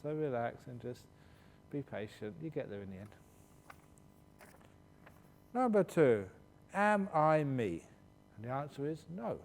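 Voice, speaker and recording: Here the monk sounds expressive, with vocal fry, at a normal speed. He answers retreat questions through humorous stories and keeps laughing as he goes, and the hall adds a long reverb with a faint low rumble underneath.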